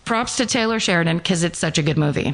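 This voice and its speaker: A woman's voice: on the low side, expressive. A woman co-hosting a podcast in casual chat, rambling a little and laughing often. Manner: chatty, rambling, quick to laugh. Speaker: podcast co-host.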